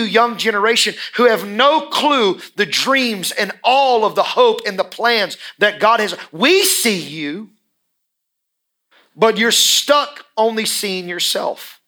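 Bright, high-voiced preaching man. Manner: emphatic preaching with repeated phrases. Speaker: pastor. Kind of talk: sermon. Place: church.

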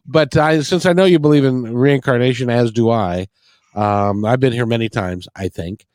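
A man's voice: medium pitch, moderate pace, a little mellow, no echo, clean studio sound. A man hosting a casual interview, hesitant with frequent restarts and fillers.

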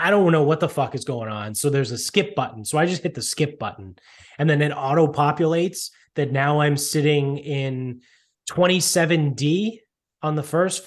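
A man casually telling a rambling, profane story about an airport mix-up, full of asides and filler words. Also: on the high side. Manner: profane, rambling, animated retelling. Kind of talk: casual chat.

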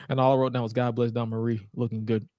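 A man co-hosts a casual podcast, recapping wrestling with loud, profane disbelief and quick asides. His voice sits in a middle pitch. The sound is dry and close, with no room echo. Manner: animated, profane recapping with mock-incredulous outbursts. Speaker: podcast co-host. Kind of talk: casual chat.

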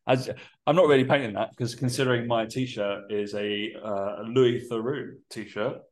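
A man's voice: mid-range voice, fairly even intonation, measured pace. A young man co-hosting a podcast in loose, chatty banter, swearing and laughing often. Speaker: podcast co-host.

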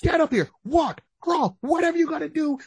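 Stubborn old army vet, bossy and loud, shouting orders up high; a man doing the voice. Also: lively intonation, normal speed, gravelly, dry recording, studio quality, full character voice. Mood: barking. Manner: barking drill-sergeant orders.

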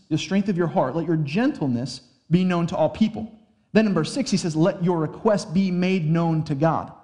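A young adult man preaching a sermon, earnest and conversational, slowing down for emphasis. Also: fairly high pitch, a little mellow. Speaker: pastor.

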